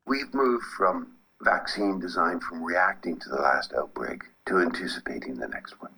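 A man's voice: low-pitched, expressive, moderate pace, creaky, sharp tone, breathy edge, poor audio. A male university professor explaining vaccine research in an interview clip, with some restarts.

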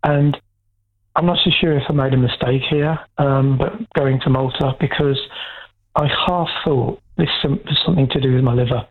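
A man calling in to a radio phone-in, speaking haltingly with many pauses and fillers. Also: mid-range voice, steady tone. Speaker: caller. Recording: tinny phone line.

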